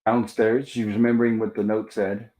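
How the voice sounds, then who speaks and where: Guy doing a live movie review stream, narrating the scenes, reading chat out loud. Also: on the low side, little pitch movement, fairly quick. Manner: narrates film scenes, reads chat aloud. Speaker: livestream host.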